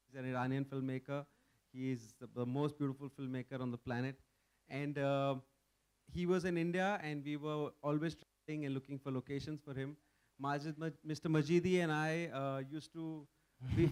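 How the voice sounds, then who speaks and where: A man's voice: on the high side, clear, resonant tone. A man, a film director, telling a long anecdote on stage, with frequent hesitations. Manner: warm storyteller with many uhs and ums.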